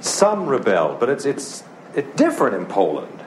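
A man's voice: medium pitch, wildly swooping pitch, moderate pace, reverberant, a little hiss or hum. An actor playing a skeptical, dry male classroom teacher in a TV show. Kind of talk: 1980s TV sitcom acting.

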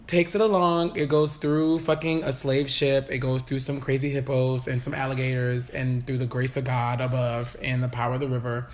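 A woman's voice: extremely low pitch, flat delivery, normal speed, hardly any pauses. A woman spins a Bible story as loose comedy, full of slang and swearing. She jumps into the characters' voices and keeps laughing at her own jokes. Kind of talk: comic retelling of a Bible story.

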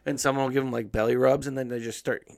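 Profane, animated man chatting. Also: medium pitch, fast talker, gravelly. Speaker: podcast co-host. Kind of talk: casual chat.

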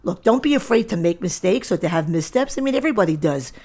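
A middle-aged woman with a somewhat low voice hosts her own solo podcast. She speaks firmly and directly, in a lecturing tone. Her delivery stays steady and plain, as if giving straight advice to her listeners. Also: quick pace. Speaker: podcast host and diet center owner.

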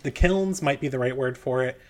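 A man's voice: medium pitch, fairly quick. Male game master, loose rambling narration. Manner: rambling, with frequent fillers.

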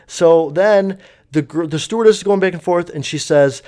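Young dude rambling a storytime, swears a lot, says like a ton, kinda high voice. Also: male voice, moderate pace, darkish tone. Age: young adult. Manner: rambling, profane, lots of fillers. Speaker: vlogger. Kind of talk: casual storytime.

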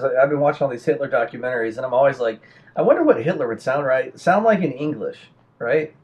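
A man's voice: mid-range voice, animated, quick pace, darkish tone, dull audio. A man co-hosting a podcast, rambling and sardonic as he reads and mocks the news, often tripping over his words. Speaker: podcast co-host. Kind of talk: casual chat and news commentary.

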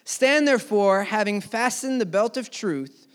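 High-voiced young man preaching. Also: animated, measured pace, smooth. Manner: earnest storytelling, dropping soft and rising loud. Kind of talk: sermon.

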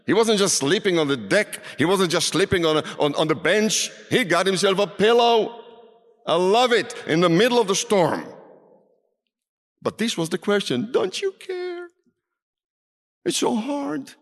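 A man preaching a sermon in a large hall, dramatic, swinging from loud calls down to near whispers. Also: high-pitched, expressive, moderate pace. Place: large hall with a seated audience. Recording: reverberant hall.

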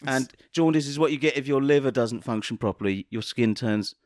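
A man's voice: mid-range voice, a little fast, darkish tone, no echo, studio quality. A man from Britain co-hosting a comedy podcast, bantering with mock-pompous, playful asides. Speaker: podcast co-host.

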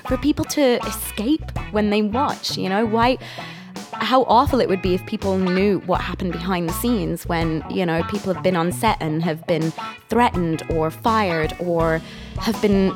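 A woman's voice: medium pitch, measured pace, over music. A woman, an actor and director, chatting as a podcast guest in a rambling, laugh-prone way. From England. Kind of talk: casual interview chat.

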